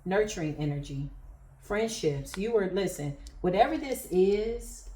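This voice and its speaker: A woman's voice: mid-range voice, expressive, measured pace, dark tone, slight background noise. Emphatic woman tarot reader, echoey room. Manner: emphatic, preacher-like cadence. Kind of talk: spiritual tarot reading.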